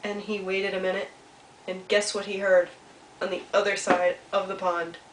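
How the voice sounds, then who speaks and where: A woman reading a children's story aloud in a lively way, talking directly to young listeners. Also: medium pitch, moderate pace, noisy background. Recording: echoey room, mic far off, faint ambience.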